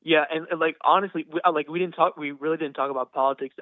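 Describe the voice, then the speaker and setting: A man's voice: a little high, steady tone, fast talker, no room sound. Stammering young man on a phone line. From Texas. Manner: stammers and repeats words, earnest. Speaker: caller. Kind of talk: phone-in conversation.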